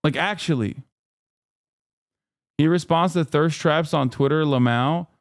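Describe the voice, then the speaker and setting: A man's voice: on the high side, measured pace, dry recording, studio quality. A man hosting a livestream, reading chat aloud and ranting in a heated, profane, exasperated way. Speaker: livestream host.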